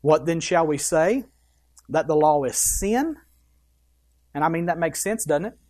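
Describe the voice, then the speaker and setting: Reading scripture aloud and then pressing the point, this pastor preaches with emphasis and punch, dropping quick offhand asides into the reading. The sermon comes in a mid-range, animated, slightly mellow voice.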